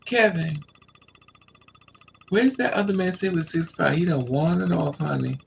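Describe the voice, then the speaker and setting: A flamboyant man chats with his live audience in a fairly high, gravelly voice. He talks with sass, leaps into squeals and laughs, and drawls out his asides. Faint noise hums under the recording. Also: measured pace, pauses often. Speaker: live stream host. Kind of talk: casual storytelling to live chat.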